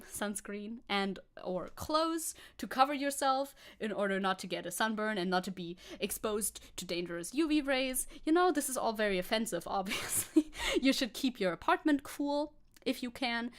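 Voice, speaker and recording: A woman's voice: medium pitch, lively intonation, unhurried, clear, resonant tone. A woman streamer giving casual sarcastic commentary as she reads posts aloud, laughing often and rambling with restarts.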